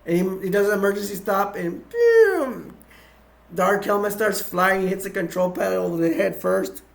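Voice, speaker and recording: Rambling man with a gravelly voice. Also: high voice, little pitch movement, brisk, fairly bright tone. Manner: rambling, with frequent restarts and chuckles. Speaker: video reviewer. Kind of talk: casual movie plot recap.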